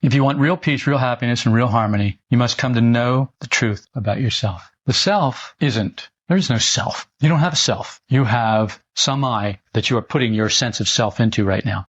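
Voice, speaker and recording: A man giving a spiritual talk to a group, animated and given to mocking asides in quoted voices, on a dull old recording. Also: medium pitch, fairly quick, hardly any pauses. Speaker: spiritual teacher.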